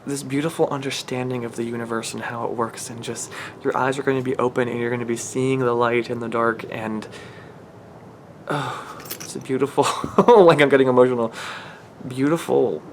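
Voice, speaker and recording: A spiritual reader with a medium-pitched, level voice at normal speed channels a reading, earnest and emotional. He rambles and restarts sentences, with a little hiss or hum on the recording.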